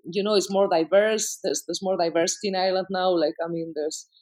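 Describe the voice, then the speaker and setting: Spanish-accented speaker, halting and filler-heavy. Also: medium pitch, fairly even intonation, a little mellow. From Spain. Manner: hesitant, full of fillers and restarts. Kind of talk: casual conversation.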